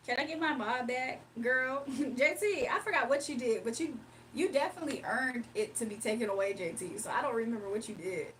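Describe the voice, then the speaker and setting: Heard through a distant mic with slight background noise and poor audio, a livestream host from Virginia talks at normal speed in a fairly high voice. Late at night she chats casually and slangily, laughing a lot as she reads comments out loud.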